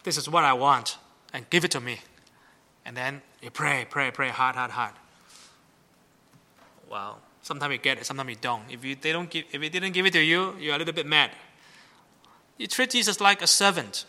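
A man's voice: fairly high pitch, brisk, pauses often, pushed and bright. A middle-aged man preaching a sermon as pastor, chatty and often checking in with the congregation. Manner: conversational, asks the congregation "right?".

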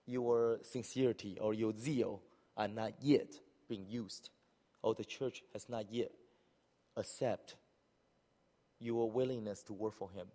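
Animated male preacher in a reverberant church. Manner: animated, acts out hypothetical speakers with rising pitch. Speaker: pastor. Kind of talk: sermon. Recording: long hall reverb.

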